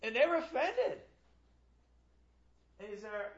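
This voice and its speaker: A man's voice: sits high, wildly swooping pitch, moderate pace, long pauses, husky. A man teaching a Bible class, reading scripture aloud and acting out the quotes in a casual, joking way. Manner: conversational, acts out quotes with humor. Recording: dull lo-fi classroom recording.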